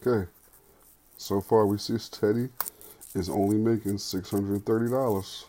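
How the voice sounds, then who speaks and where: A man reads from a book in a low, mellow voice, pausing now and then to chat loosely with his audience. His asides are casual and slangy, like he is talking to friends. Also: steady tone. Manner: casual, slangy asides between read passages. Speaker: book reader and commentator. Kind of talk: reading a book aloud with casual commentary.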